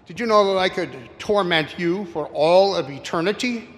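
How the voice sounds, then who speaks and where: A man's voice: sits high, normal speed, vocal fry, fairly bright tone, voice pushed up. A man voicing the devil in a told joke, a menacing, boastful male figure, in a reverberant hall with faint noise.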